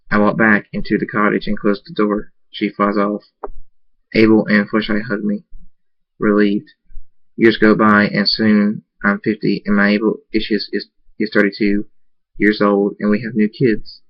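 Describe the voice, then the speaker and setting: A man with a low, flat voice reads his own first-person story aloud. He trips over words and restarts lines often. The recording is dry, muffled and lo-fi. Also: normal speed, dry recording. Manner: stumbling, repeats words while reading. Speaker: fan fiction author reading his story. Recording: dull lo-fi recording.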